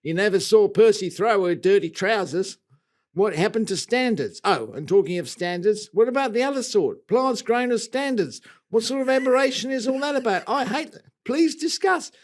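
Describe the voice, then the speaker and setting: A man's voice: high voice, expressive, normal speed, voice pushed up. A man reading aloud in a put-on Australian accent, voicing a fussy male listener writing in with complaints. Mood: mock-indignant. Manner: theatrical reading, mock-indignant.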